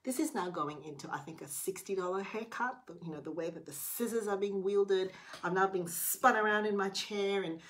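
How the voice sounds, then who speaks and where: A middle-aged woman chatting to camera as she tells a personal story, animated, with quick hushed asides. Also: mid-range voice, a little hiss or hum. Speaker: vlogger.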